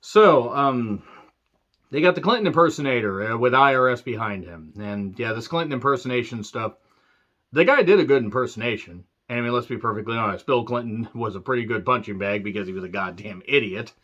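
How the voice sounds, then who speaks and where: A man's voice: medium pitch, expressive, a little fast, a bit bright. A man giving a casual, rambling wrestling review with sarcastic, crude humor. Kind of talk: casual spoken video review. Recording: dull lo-fi sound.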